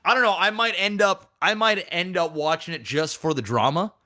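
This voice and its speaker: A man with a bright, forceful voice sitting slightly high for a man, talking on a casual podcast. He tells stories in an animated, profane way and jumps into the voices of the people he quotes. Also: moderate pace. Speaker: podcast co-host.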